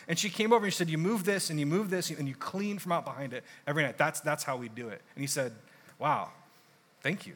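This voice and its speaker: A young adult man preaching a sermon in a conversational, animated storytelling way with casual asides. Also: a little high, fast. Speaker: pastor.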